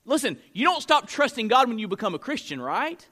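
Male preacher with a high, bright voice, emphatic and conversational at the pulpit. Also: sing-song, a little fast. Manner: emphatic, conversational preaching with frequent "right?" tags. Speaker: pastor. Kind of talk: sermon. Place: church room with a live congregation.

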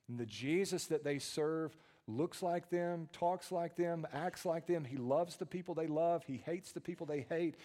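A man, preaching a sermon with dynamic swings from hushed tones to loud emphasis and frequent repeated words. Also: a little high, animated, normal speed. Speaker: pastor.

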